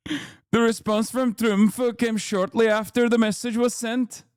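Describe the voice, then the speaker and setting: A man reading out an official statement in a put-on Norwegian accent, stiff, formal and measured. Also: extremely high pitch, steady tone, clear, resonant tone, dry recording, studio quality. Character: mock Norwegian prime minister reading a statement.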